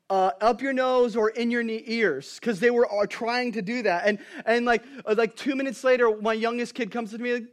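A man in his thirties preaching a sermon as a pastor, telling family stories with animated swings from hushed to loud. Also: high voice.

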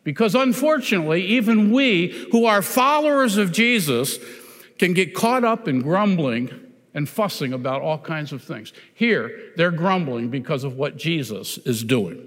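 Male pastor, higher-pitched voice, emphatic sermon delivery, long hall reverb. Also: lively intonation, fairly bright tone. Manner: deliberate and emphatic, often saying "notice".

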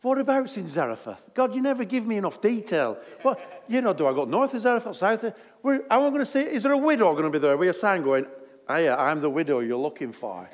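A man's voice: a little high, sing-song, normal speed, long reverb tail. A man voicing a chatty, complaining male prophet in a comic way, moaning and rambling. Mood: exasperated.

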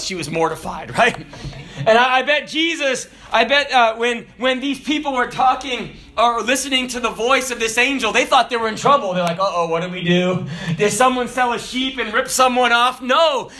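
High, bright-voiced preacher man in his forties. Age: 40s. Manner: animated preaching, swinging from shouts to low asides. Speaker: pastor. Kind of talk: sermon.

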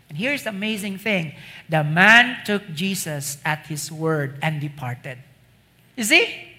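Slow, bright-voiced preacher with a Filipino accent. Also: mid-range voice. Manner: conversational preaching, peppered with "you know" and "see?"; slips into Cebuano asides. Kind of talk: sermon.

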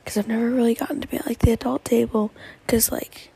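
A woman's voice: on the high side, fairly even intonation, fast, vocal fry, dark tone, breathy edge, rough recording. A teenage girl hosting a solo podcast, rambling with lots of fillers and often dropping to a whisper, a little tearful. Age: teens. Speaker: podcast host.

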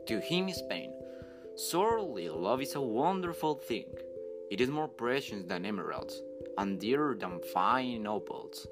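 A man voicing a tender, wistful small songbird in a storybook reading, earnest and lyrical, with guitar under him. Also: fairly low pitch. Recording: music playing underneath.

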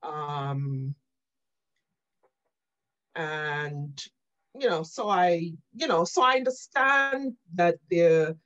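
Animated woman guest telling stories. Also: lowish voice, extremely slow, long pauses, dull audio. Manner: animated storyteller, often says "right?" and "you know". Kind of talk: podcast interview.

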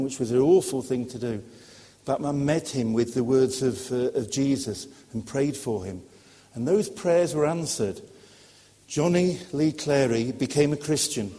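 A man delivers a sermon to young people, earnest and a little halting as he searches for words. His voice is mellow and warm, and a long echo of a hall trails after it. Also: medium pitch. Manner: earnest, hesitant with fillers. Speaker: preacher. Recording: echoey hall.

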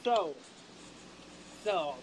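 On a rough recording with slight background noise, a podcast co-host speaks very slowly in a voice that sits high. He's animated and gushing in casual conversation, singing and acting out quotes.

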